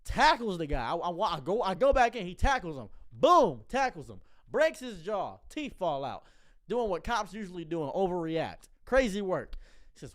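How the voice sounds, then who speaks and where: A man relates a funny story with a flat, deadpan delivery. He tends to repeat opening words, and he acts out the other people in quieter, lower voices.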